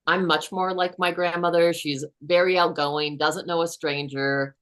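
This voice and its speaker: Low-voiced woman telling a story. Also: steady tone, a bit bright. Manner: earnest, unhurried storyteller. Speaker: guest author. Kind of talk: personal storytelling in a conversation.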